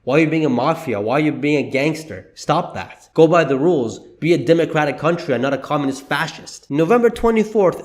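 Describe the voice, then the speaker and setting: Fired-up male commentator with a high voice, indignant and exclaiming. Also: expressive, fairly quick, few pauses. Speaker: commentary vlogger. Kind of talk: opinion commentary.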